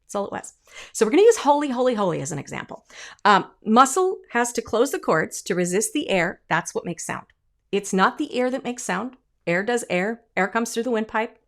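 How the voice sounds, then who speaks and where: A female vocal coach gives an online singing lesson in an animated way, demonstrating sounds and sung notes. She acts out imagined little voices with leaps in pitch.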